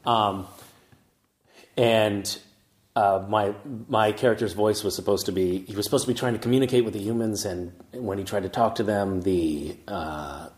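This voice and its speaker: A man with a fairly low voice talks easily in a casual interview, poking fun at himself as he goes. He fills gaps with ums and uhs and often restarts a thought mid-sentence. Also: moderate pace. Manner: relaxed, self-mocking, many fillers and restarts. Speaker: actor guest. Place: castle in Scotland.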